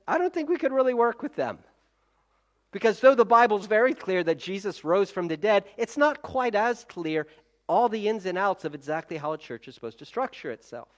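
A man's voice: sits high, a bit bright. A man preaching a conversational sermon as a pastor, talking straight to his listeners and often restarting his sentences. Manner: chatty, self-correcting, direct address to listeners.

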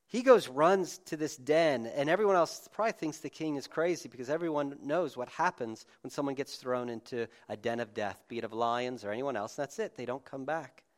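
A man with a medium-pitched voice and lively intonation preaches at a moderate pace to a congregation gathered in a room. His sermon is informal and conversational, full of restarts and asides.

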